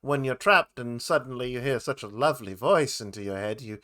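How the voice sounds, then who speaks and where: A man's voice: mid-range voice, expressive, fairly quick, crowd noise, pitched below the performer's own voice, close to an everyday voice. A man doing a smug, flirty halfling bard. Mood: smooth. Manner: theatrical, smooth-talking, grandiose self-introductions. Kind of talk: tabletop role-play character voice.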